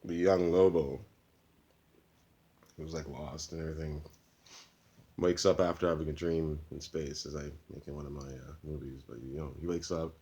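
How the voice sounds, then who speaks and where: A man's voice: very deep voice, steady tone, normal speed, mellow. A man who makes his own movies, casually retelling a plot in a loose, rambling way. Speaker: amateur filmmaker. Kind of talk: casual storytelling.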